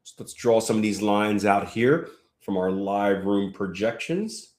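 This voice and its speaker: A man's voice: lowish voice, unhurried, darkish tone, echoey room. A man teaching a live trading lesson in a conversational way, walking through charts and reading viewer comments aloud. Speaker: trading coach.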